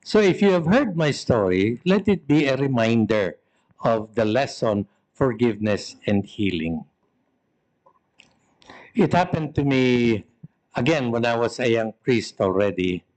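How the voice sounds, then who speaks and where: A man's voice: mid-range voice, very animated, measured pace, a little mellow. A man with a Filipino accent, a priest giving a storytelling talk with self-mocking humor.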